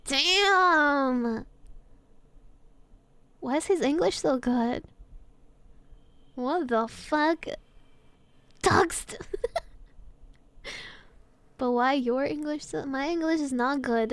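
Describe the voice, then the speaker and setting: A woman's voice: high voice, takes it slowly, long pauses, no echo. A woman streamer chatting casually as she reacts to a video, laughing often and swearing freely.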